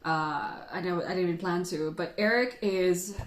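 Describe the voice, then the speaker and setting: A woman's voice: on the low side, moderate pace. A woman hosting a casual livestream who chats in a rambling way and laughs often. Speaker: tea livestream host. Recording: roomy echo.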